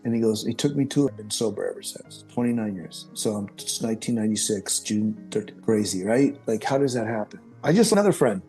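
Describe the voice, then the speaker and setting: A middle-aged man, a podcast guest, telling his life story in a rambling, animated way, with frequent restarts and self-corrections. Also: lowish voice, fairly quick, hardly any pauses, faint music behind. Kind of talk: personal storytelling.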